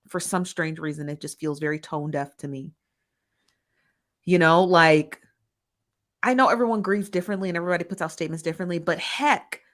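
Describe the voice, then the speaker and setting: A woman's voice: mid-range voice, a bit bright. A woman hosting a casual live-stream commentary, laughing often and calling viewers "honey" and "child" as she reads the chat.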